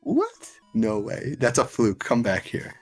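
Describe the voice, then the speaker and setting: Very low, husky-voiced woman streamer. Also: wildly swooping pitch, a little slow, a little mellow, soft background music. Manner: playful and teasing, bursts into laughter, coaxing. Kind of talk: casual live-stream chat while playing.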